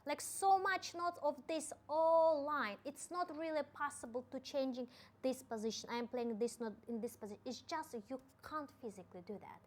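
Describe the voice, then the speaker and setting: A young piano teacher with a Kazakh accent explains octave technique, counting the hand movements aloud as she demonstrates. Her voice sits high.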